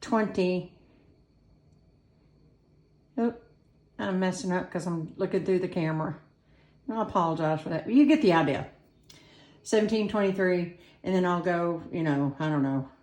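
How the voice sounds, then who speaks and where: Cooking vlog host, woman, lowish voice, self-deprecating and chatty, recorded on a tripod camera in a roomy kitchen. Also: moderate pace, long pauses, a little mellow. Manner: chatty, self-deprecating, talks while working. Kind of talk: casual cooking demonstration. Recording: echoey room.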